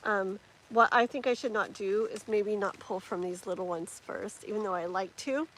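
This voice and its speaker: Live tarot streamer, woman, mid-pitched, chatty and rambling, faint background hiss. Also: moderate pace, fairly bright tone, rough recording. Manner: chatty, rambling, many fillers. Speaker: tarot reader.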